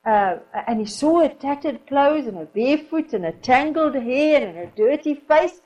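Woman preacher, high voice, very lively pitch, animated sermon storytelling. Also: moderate pace, muffled recording. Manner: lively storyteller, soft whispers for quoted child, occasional laughs.

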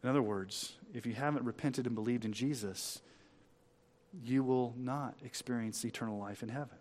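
A male pastor preaching a sermon, swelling loud on key lines and dropping low, reading scripture slowly and with emphasis.

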